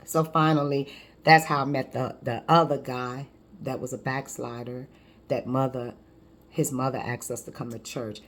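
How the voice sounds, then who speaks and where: A woman in her fifties, a life coach, telling her personal testimony in a lively, conversational way with frequent restarts. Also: a bass voice, normal speed.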